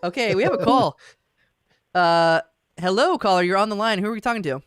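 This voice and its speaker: A man's voice: high voice, expressive, brisk, a bit bright, clean tone, no echo, studio quality. A man hosting a call-in roast livestream, teasing and laughing as he takes callers. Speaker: livestream host.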